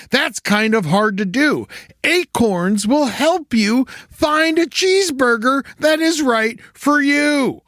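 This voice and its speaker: A man's voice: extremely high pitch, fairly bright tone, no echo, clean studio sound. A man hosting a podcast, reading a sponsor ad in a goofy, riffing way. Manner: goofy, riffing between ad lines. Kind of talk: jokey ad read.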